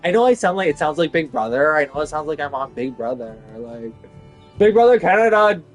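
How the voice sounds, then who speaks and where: A man rants casually about his job, swearing freely and piling up fillers as his exasperation spills out. His voice sits somewhat high for a man. Faint music plays in the background. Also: fast. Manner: profane, exasperated, rambling with many fillers. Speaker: vlogger venting about work. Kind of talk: casual rant.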